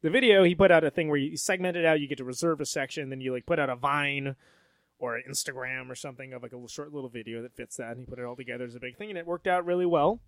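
A man's voice: medium pitch, very fast, dry recording. A man co-hosting a podcast, chatting loosely and explaining upcoming shows. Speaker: podcast co-host, band member. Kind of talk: casual banter.

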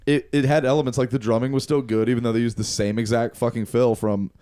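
A man's voice: medium pitch, little pitch movement, quick pace, mellow, smooth, dry recording, studio quality. A man hosting a casual chat, rambling with lots of fillers and laughs. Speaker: podcast host.

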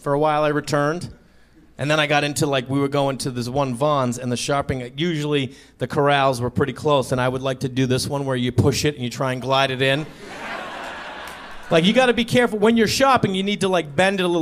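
A stand-up comedian performs before a live audience, recorded on stage with laughter from the crowd. His slightly high, bit-bright voice moves briskly as he tells stories and acts out both sides of his conversations.

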